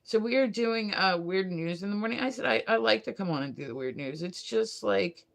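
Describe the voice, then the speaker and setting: A woman's voice: medium pitch, animated, brisk, creaky. A woman hosting a casual morning livestream, rambling through stories with lots of fillers and laughing at herself. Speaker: livestream host.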